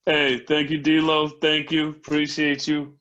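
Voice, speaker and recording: A man's voice: fairly high pitch, monotone, slow, fairly bright tone. A man hosting a comedy show, wrapping up in a loose, casual way. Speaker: show host. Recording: dull lo-fi online audio.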